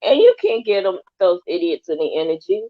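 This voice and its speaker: A woman talking in a casual podcast chat, emphatic and animated, sometimes drifting off topic. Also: lowish voice, fairly quick. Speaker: guest. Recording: dull lo-fi audio.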